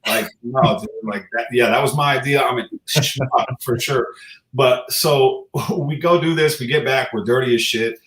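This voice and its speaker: Casting note: laid-back profane male storyteller in his thirties, mid pitch, roomy echo. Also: measured pace, fairly bright tone. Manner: loose, profane, laughing storyteller. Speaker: guest rapper. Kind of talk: casual interview chat.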